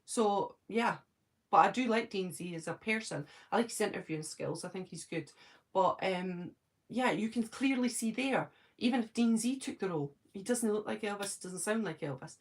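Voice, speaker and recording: A woman's voice: mid-range voice, moderate pace. A Scottish woman chatting casually on a live stream from her home, answering viewers' comments by name and thinking aloud. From Scotland.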